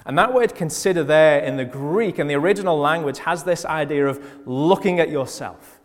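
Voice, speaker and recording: A man with a Liverpool accent preaching a sermon, stressing key phrases loudly and dropping to quieter asides. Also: a little high, normal speed, long reverb tail. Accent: Liverpool (Scouse). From Liverpool, England.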